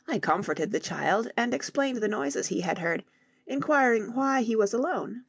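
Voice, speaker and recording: A woman in scripted audiobook narration, reading in a measured way and voicing the characters. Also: on the high side, expressive, gravelly, husky, dry recording, clean studio sound.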